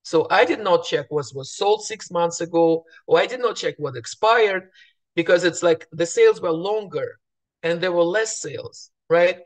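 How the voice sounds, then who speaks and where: Still in her morning voice and clearing her throat, a woman agent shares chatty stories with other real estate agents, complete with restarts and acted-out lines. She speaks at a normal speed with a fairly low pitch.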